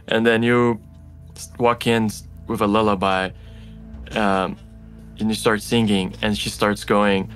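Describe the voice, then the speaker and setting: A man's voice: lowish voice, flat delivery, measured pace, a bit bright, soft background music. Man running a tabletop game. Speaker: game master.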